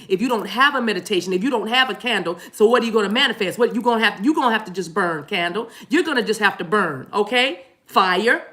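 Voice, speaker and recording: A woman giving a spiritual tarot talk to her viewers in a preacher-like way, playful and repeating phrases for emphasis. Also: medium pitch. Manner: animated, preacher-like delivery.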